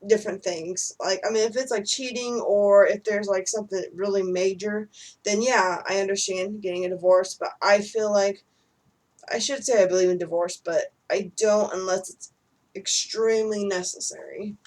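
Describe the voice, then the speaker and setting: A woman's voice: mid-range voice, fairly even intonation, moderate pace, darkish tone, far from the mic, poor audio. A young woman chatting casually with her husband, rambling with many fillers. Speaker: vlogger answering questions with her husband. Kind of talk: casual chat.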